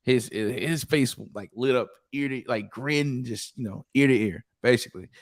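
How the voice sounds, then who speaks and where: A man's voice: mid-range voice, moderate pace, no room sound, clean studio sound. A man with a Southern US accent, co-hosting a podcast in casual chat and telling stories with laughs. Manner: laid-back, laughing storyteller. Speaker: podcast co-host.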